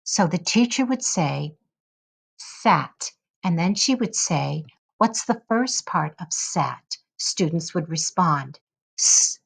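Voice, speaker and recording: Slow, low-voiced woman teaching a lesson. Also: animated, vocal fry, slightly rough. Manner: slow, deliberate, models sounds carefully. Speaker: teacher educator. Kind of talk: instructional lesson narration.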